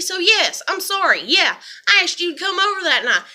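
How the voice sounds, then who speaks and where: A woman's voice: extremely high pitch, sing-song, brisk, hardly any pauses, bright, forceful tone. A woman, talking through her feelings in a rambling, emotional monologue full of swearing. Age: 30s. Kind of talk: confessional vlog monologue.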